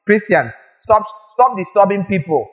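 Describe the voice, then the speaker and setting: A male preacher giving a lively sermon, firing rhetorical questions at the congregation and acting out little scenes. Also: sits high, normal speed, lo-fi sound.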